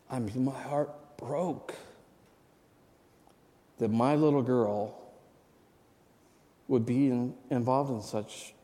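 Mellow-voiced preacher in his sixties. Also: medium pitch. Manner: conversational, asks the congregation for amens. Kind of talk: sermon storytelling. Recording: long hall reverb.

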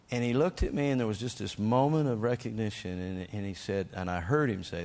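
A man with a fairly low-pitched voice delivers a sermon testimony. He tells the story with energy and emphasis. He acts out the lines he shouted. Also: fairly quick, hardly any pauses. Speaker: preacher.

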